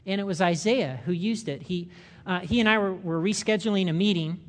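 An older man preaching a sermon, animated, acting out the voices of the people he quotes. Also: high-pitched, brisk. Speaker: pastor.

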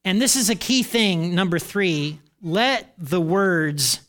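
Delivering a sermon with a high-pitched voice and a slow pace, a middle-aged male pastor stays animated throughout, acting out the voices of those he quotes.

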